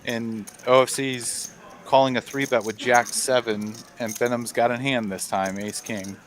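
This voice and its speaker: A man doing relaxed live poker commentary, explaining hands with filler words. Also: mid-range voice, unhurried, slight background noise.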